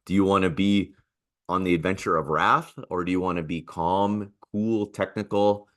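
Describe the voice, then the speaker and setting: Deep-voiced man telling stories. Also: fairly even intonation, moderate pace. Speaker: podcast guest. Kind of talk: casual conversation.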